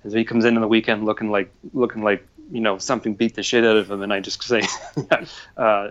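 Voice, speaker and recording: A man's voice: fairly even intonation, fairly quick. A man in his forties, a podcast guest telling rambling stories with lots of fillers. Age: 40s. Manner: rambling, chuckling storyteller with many fillers. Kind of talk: casual podcast chat. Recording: dull low-fidelity audio.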